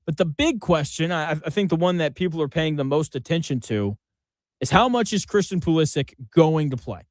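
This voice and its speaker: A sports radio host with a somewhat high voice who talks in a loose, conversational way and laughs easily. His studio mic sounds dry and close. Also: animated, moderate pace, no echo. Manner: conversational, joking, fond of laughing. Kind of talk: sports talk radio commentary.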